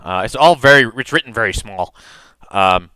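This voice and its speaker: A man running a tabletop game as game master, describing scenes in a relaxed, rambling way with many fillers. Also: lowish voice, normal speed, smooth, no echo.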